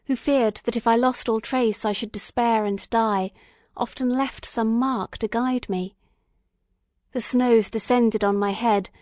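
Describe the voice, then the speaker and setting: A woman reading a classic novel aloud as an audiobook, in a solemn, measured narration. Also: mid-range voice, a little mellow, no room sound, studio quality. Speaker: audiobook reader. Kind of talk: scripted narration.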